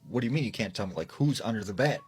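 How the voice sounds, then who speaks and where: A man's voice: fairly low pitch, animated, racing, close to an everyday voice. A man quoting an anxious mother in his casual retelling, lifting his voice a little. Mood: worried. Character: worried mother, middle-aged woman, anxious.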